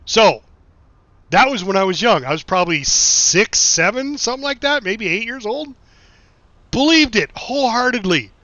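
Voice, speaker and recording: Bright-voiced rambling American streamer man. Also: high voice, lively intonation, normal speed, dry recording. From United States. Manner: rambling anecdotes, frequent swearing and laughing asides. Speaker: game streamer reading chat. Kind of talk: casual live-stream chat and storytelling. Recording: dull lo-fi stream mic, dry.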